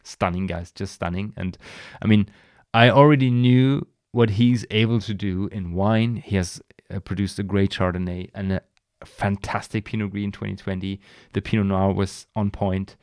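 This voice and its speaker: A man's voice: on the low side, steady tone, normal speed, a little mellow, clean tone, no room sound, clean studio sound. A man hosting a casual solo podcast, talking enthusiastically in a rambling way, with frequent restarts, sighs and laughs. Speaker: podcast host.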